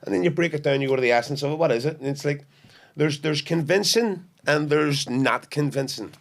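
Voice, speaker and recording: A man's voice: on the high side, brisk, creaky. A man with a Belfast accent, a guest actor chatting in a casual podcast interview, telling stories animatedly with frequent restarts. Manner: animated storyteller who acts out quotes with frequent restarts.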